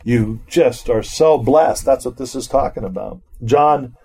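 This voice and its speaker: In a husky, middle-pitched voice at a measured pace, a middle-aged man teaches the Bible informally. He reads passages aloud and then pauses to chat them over casually with those listening.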